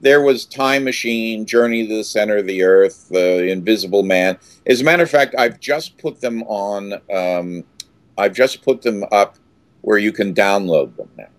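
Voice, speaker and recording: With a fairly low voice at a normal pace, an actor in his sixties recounts stories animatedly during an interview. He acts out quotes, erupting loudly and restarting often, in a recording with no room sound.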